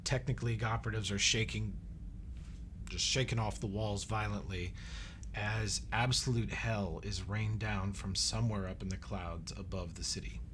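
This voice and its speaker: Low-voiced guy running a tabletop game, lots of vivid scene description. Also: steady tone, moderate pace, background noise. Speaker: game master.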